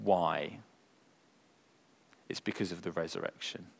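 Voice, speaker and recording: A man preaching a sermon, earnest and full of rhetorical questions, moving from emphatic lines to hushed ones. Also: low voice, steady tone, a little slow, gravelly. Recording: long hall reverb.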